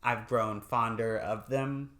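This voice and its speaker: A man co-hosting a movie podcast in a relaxed, chatty way. His voice sits in an ordinary middle pitch, and he laughs easily and drops the odd swear word. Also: slow pace. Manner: laid-back, swears casually, laughs often. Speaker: podcast co-host. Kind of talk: casual movie review chat.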